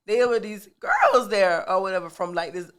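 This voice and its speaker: Bright-voiced woman telling a story. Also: medium pitch. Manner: animated, drawn-out storytelling with casual slang. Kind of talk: casual storytelling chat.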